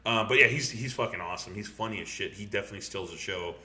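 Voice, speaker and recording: A young man hosting a casual podcast, excitably talking over a film, swearing a lot and laughing often. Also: on the low side, racing. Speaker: podcast host. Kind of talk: casual movie review chat.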